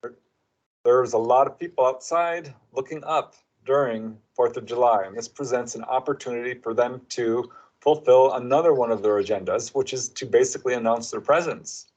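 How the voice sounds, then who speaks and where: A man of average pitch speaking as a guest author. He tells his stories with energy, breaking into other voices for the quoted lines. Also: normal speed, rough recording. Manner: animated storyteller who acts out quotes. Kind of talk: casual interview chat.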